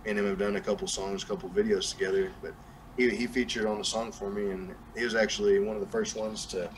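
A man's voice: fairly low pitch, fairly even intonation, quick pace, a little hiss or hum, poor audio. A young man with a Southern accent, chatting casually as a podcast guest and rambling with lots of fillers and restarts. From New Mexico. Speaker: guest rapper.

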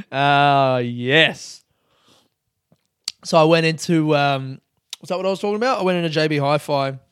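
A man's voice: on the high side, unhurried, long pauses, a bit bright, clean tone, no echo, clean studio sound. A young man hosting a solo podcast, rambling casually, swearing and laughing at himself. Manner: casual, swearing, laughing asides, self-mocking. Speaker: podcast host. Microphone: close podcast mic.

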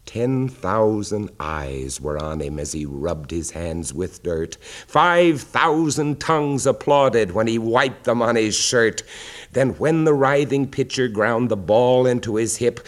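A man recites verse at an unhurried, deliberate pace, letting his voice sink low and soft on the solemn lines. His pitch sits in an ordinary middle range, and the delivery is theatrical rather than conversational. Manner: measured, dropping low and quiet for weighty lines. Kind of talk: dramatic poetry recitation.

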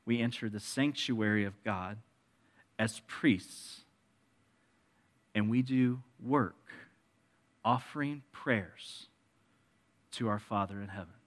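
A man preaching a sermon as pastor, dropping to hushed asides and rising into emphatic appeals, with joking asides to the congregation. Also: lowish voice, takes it slowly, long pauses.

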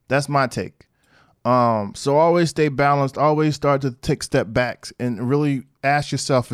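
A man talks through his own podcast, recounting what he saw in a loose, slangy manner with plenty of asides. His voice sits in a middle pitch, and the sound is dry and close with little room around it. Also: no echo. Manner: animated storytelling with slang and asides. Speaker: podcast host. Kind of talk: casual monologue.

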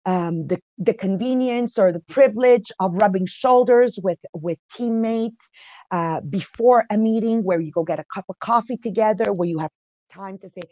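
A woman's voice: on the high side, animated, moderate pace, darkish tone, no echo. A woman in her fifties from Montreal with an English accent that carries Italian and French traces, hosting a casual motivational podcast in a chatty, emphatic way and asking the audience questions. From Montreal, Quebec. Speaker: podcast host and entrepreneur.

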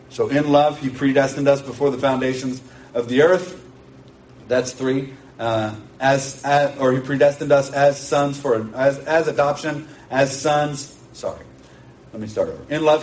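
A man's voice: mid-range voice, darkish tone. A man preaching a sermon in an earnest, emphatic way, repeating key phrases to drive them home. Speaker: pastor. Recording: distant mic with faint background noise.

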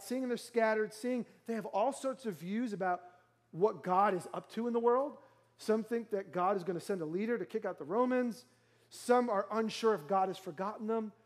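A man's voice: sits high, a little mellow. A male pastor preaching a sermon in church, conversational and emphatic with many rhetorical questions.

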